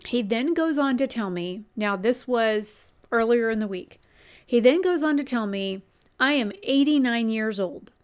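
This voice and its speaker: A woman's voice: on the high side, animated, measured pace, darkish tone, clean tone. A woman who works as a customer service agent, chatting candidly in a storytelling vlog and swearing now and then.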